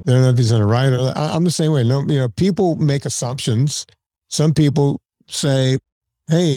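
Podcast guest, man, blunt storyteller, dark dry tone, close mic. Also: medium pitch, no room sound. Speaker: podcast guest, show host. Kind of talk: casual podcast conversation.

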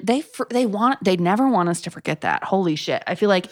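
A woman's voice: mid-range voice, animated, brisk. A woman co-hosting a podcast, chatting casually and sarcastically about a book, her voice swooping up for emphasis. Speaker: podcast co-host. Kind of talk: casual book-review chat.

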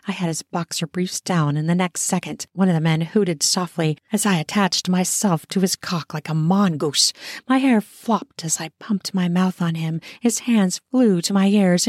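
A woman narrating a first-person erotic audio story in an intimate, soft, drawn-out manner. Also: on the low side, dry recording, studio quality.

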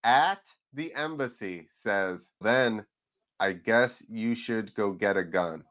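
A man's voice: on the low side, takes it slowly, fairly bright tone. A man guesting on a podcast, telling a rambling story in casual chat, acting out the people in it and swearing now and then. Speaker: podcast guest, freestyle motocross rider.

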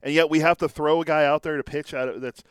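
Man, sports co-host, quick chatty talk, dry close sound. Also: on the high side, fairly even intonation, smooth, no room sound.

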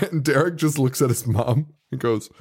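A male podcast co-host retells a movie in loose, casual chat. He laughs through his sentences, swears freely, and slips into quick impressions of the characters. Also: medium pitch, darkish tone, slightly rough. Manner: laughs often, swears, acts out quotes.

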